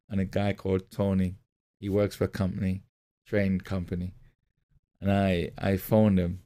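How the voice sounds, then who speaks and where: A man's voice: lowish voice, warm tone. A middle-aged male pastor giving a motivational sermon, telling a personal story and repeating key phrases. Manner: storytelling, repeats phrases, acts out quoted voices.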